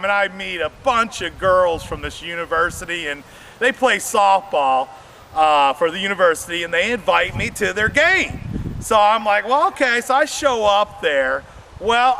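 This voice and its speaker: A man with a high, very bright voice tells rambling stand-up stories and keeps calling out to the crowd. He performs his comedy set outdoors, and a faint hiss of noise runs under his voice. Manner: rambling storytelling, addresses audience directly.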